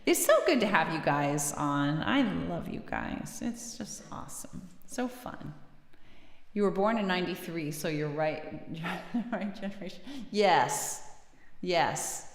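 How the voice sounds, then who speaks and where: An American singer-songwriter hosts a music livestream, chatting casually and giggling with viewers between songs and reading their names from the live chat aloud. Her voice is on the low side, slow, with lively intonation, in an echoey room with a long reverb tail.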